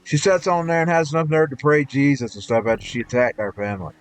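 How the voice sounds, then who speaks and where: A man's voice: mid-range voice, steady tone, fast talker, clean tone, faint music behind. A man ranting indignantly while streaming a game, rambling and restarting his sentences. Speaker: live streamer.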